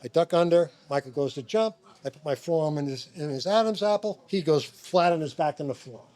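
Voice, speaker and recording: Middle-aged man, fairly high voice, dry sound. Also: fairly quick, warm tone, dry recording. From Long Island, New York. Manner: swearing, acts out quotes. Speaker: guest, former basketball player. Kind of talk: animated storytelling. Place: restaurant.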